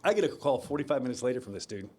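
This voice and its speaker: Podcast guy telling a story, relaxed, gets quiet and low when it turns serious. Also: racing, slightly rough. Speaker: podcast co-host. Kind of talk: casual chat, storytelling.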